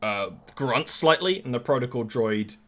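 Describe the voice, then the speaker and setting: A man's voice: mid-range voice, expressive, a little slow, a bit bright. A man narrating as game master of a tabletop game, with easygoing, rambling descriptions full of fillers.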